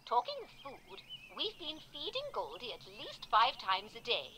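A woman's voice: sits high, wildly swooping pitch, unhurried, gravelly, sharp tone, exaggerated voice. A woman voicing a scatterbrained, cheery old grandma pig in a children's game. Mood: chatty. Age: older. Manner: bumbling, cheery.

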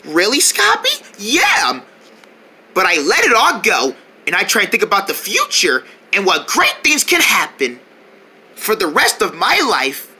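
Woman as a soft-spoken, kind friend. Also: medium pitch, wildly swooping pitch, a little slow, husky, voice pushed down, exaggerated voice. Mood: reassuring.

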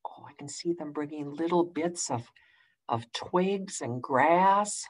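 A children's librarian reading a picture book aloud to preschoolers in an animated way, pausing to ask the kids questions. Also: female voice, low voice.

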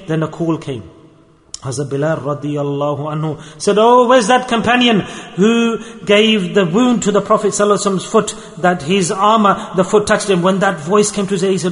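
A man from the UK preaching a sermon as a sheikh, telling a story with feeling, rising loud in moments of distress and dropping soft in tender ones. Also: high-pitched. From United Kingdom. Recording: long hall reverb.

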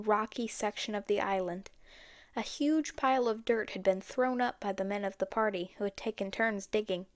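A woman's voice: medium pitch, no echo. Woman narrating an audiobook, dry sound. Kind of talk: storybook narration.

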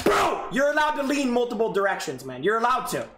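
A young man streaming live over a game, brash and profane, his voice swinging wildly up and down as he repeats himself. He sounds like he's in a roomy, echoey space, with loud music playing behind him. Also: very high-pitched, very animated, a little fast. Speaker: streamer coaching viewers' gameplay clips.

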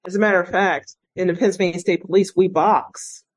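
A woman's voice: on the low side, brisk, no echo, rough recording. Earnest woman telling her story, dry sound. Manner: earnest, reflective, animated when quoting others. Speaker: interview guest, retired state police officer. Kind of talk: conversational storytelling.

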